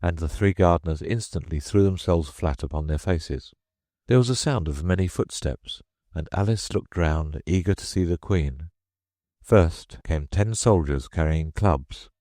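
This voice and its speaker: A man narrating an audiobook in a measured, expressive reading style. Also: sits low, no echo, clean studio sound. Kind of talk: scripted storybook narration.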